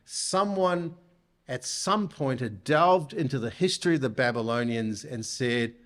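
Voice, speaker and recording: Slow, deliberate male preacher. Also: medium pitch, fairly bright tone. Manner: deliberate, asks the listeners rhetorical questions. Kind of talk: sermon. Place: church.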